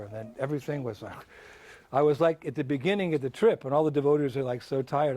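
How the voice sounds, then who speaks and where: A man, a visiting swami, telling a story to schoolchildren in a lively way, laughing and bursting into shouts and chants. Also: a little high, fairly quick. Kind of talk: animated storytelling.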